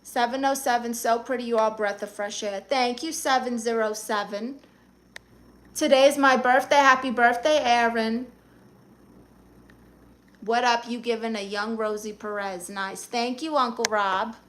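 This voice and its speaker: A woman's voice: on the high side, fairly even intonation, measured pace, fairly bright tone. A woman hosting a live stream, reading viewers' comments aloud and answering them in a sassy, blunt, teasing way.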